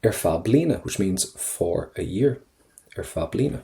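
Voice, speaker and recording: Low, mellow man tutoring. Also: expressive, vocal fry. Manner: chatty, encouraging, repeats phrases slowly for learners. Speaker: Irish language tutor. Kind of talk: screen-recorded exam prep lesson.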